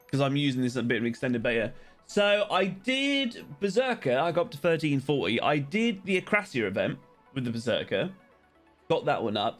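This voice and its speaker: A man's voice: medium pitch, a bit bright. A young man rambling casually on a game live stream, greeting viewers by name as he plays.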